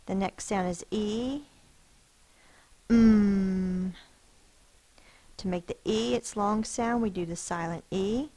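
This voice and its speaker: A woman teacher slowly and patiently sounding out spelling words, letter by letter, for a class. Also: medium pitch, rough recording. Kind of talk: phonics lesson for children.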